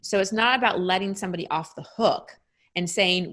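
A middle-aged woman speaking as an interview guest, explaining her ideas in a reflective, even way. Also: mid-range voice, fairly quick. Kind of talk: interview conversation.

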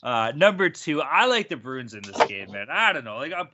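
A man hosts a casual sports betting podcast, upbeat and profane, laughing often and swearing freely. His mid-range voice is sing-song at normal speed, over a noisy background with dull lo-fi sound.

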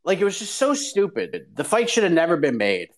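A man hosting a casual morning chat show, upbeat and energetic, talking to listeners. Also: a little high, a little fast. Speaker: host.

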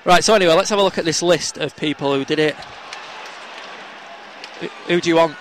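A man's voice: on the high side, brisk, a faint crowd, slight background noise. A man with a Yorkshire accent co-hosting a casual football podcast, rambling and jokey. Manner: rambling, jokey, laughs often. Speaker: podcast co-host. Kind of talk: casual chat.

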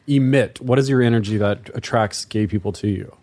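A man's voice: mid-range voice, moderate pace, darkish tone. A man hosting a casual interview, asking probing questions in a playful way. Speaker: podcast host.

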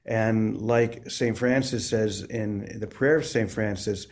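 A man who is a priest and author, talking gently and reflectively about faith, with many small restarts. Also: lowish voice, fairly even intonation, takes it slowly, gravelly. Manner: gentle, searching, with frequent restarts. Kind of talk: reflective spiritual interview.

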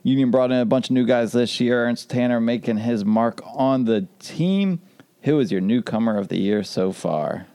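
A man's voice: mid-range voice, moderate pace, dark tone, clean tone. A man hosting a casual sports podcast, upbeat and joking as he leads the talk. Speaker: podcast host.

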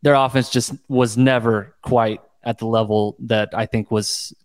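A man from Oklahoma co-hosting a sports podcast, recapping games in a relaxed, easygoing way. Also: medium pitch, measured pace. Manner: relaxed, easygoing analysis with fillers. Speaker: podcast co-host.

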